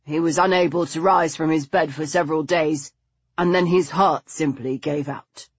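A woman reading the part of a soft-spoken, earnest English gentleman. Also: low-pitched, steady tone, normal speed, slightly rough, no room sound, dull audio.

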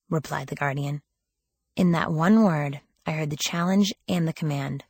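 A woman reads a first-person novel aloud with wry, lively storytelling. Her voice sits low and slightly husky, and the recording is close and dry with no room sound. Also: normal speed, dry recording. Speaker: audiobook narrator. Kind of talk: first-person audiobook narration.

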